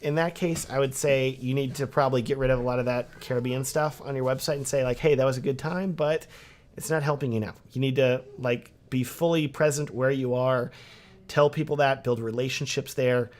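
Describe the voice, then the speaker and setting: A man in his thirties talks casually on a livestream, reading viewer comments aloud and answering them in a loose, chatty way. His voice sits at an average pitch for a man, and he sounds close to a desk mic. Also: fairly even intonation, brisk, darkish tone. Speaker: wedding filmmaker and livestream host.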